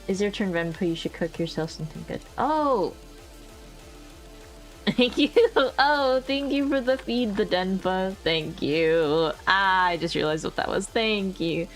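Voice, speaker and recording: A woman streams in casual chat on a new microphone, her voice sitting a little low. She rambles from thought to thought, laughs often and swears casually, with faint music underneath. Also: a little slow. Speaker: livestreamer. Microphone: new desk microphone.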